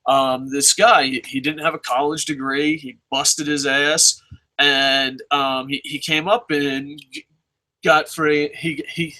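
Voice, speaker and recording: A man's voice: a little high, flat delivery, slow, pushed and bright, poor audio. A young man giving blunt, profane advice in a rambling casual monologue, full of restarts and swearing. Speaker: vlogger answering viewer questions.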